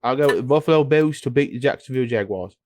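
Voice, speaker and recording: A man's voice: medium pitch, quick pace, a little mellow. A man hosting a sports podcast, casually reading out each matchup and making his picks. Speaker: podcast host.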